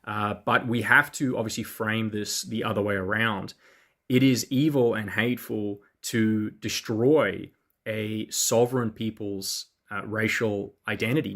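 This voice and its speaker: A man delivering a political monologue in a measured, lecturing way, with many filler pauses. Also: on the low side, a bit bright. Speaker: political commentator in a played clip. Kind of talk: monologue to camera.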